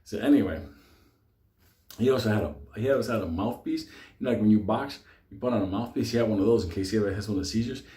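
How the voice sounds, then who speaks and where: A man telling a neighborhood story casually, profane and animated, laughing often. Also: on the low side, fast, reverberant.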